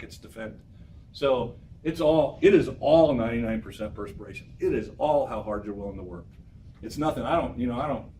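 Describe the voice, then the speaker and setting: A man lecturing a college class as a professor, energetic and exhorting, repeating his phrases for emphasis. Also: medium pitch, distant mic, slight background noise, low-quality recording.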